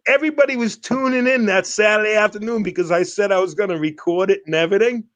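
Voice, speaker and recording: A man's voice: high voice, fast talker, a bit bright. A man hosting a casual online panel, telling a story in an emphatic, profane way. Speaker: live streamer hosting a panel.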